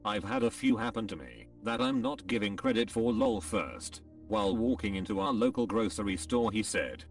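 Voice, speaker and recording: A man's voice: lowish voice, sing-song, moderate pace, gravelly, few pauses, recorded from a distance, faint music behind. A man's computer-generated voice reading forum posts aloud, including the punctuation marks. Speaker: narrator reading online posts.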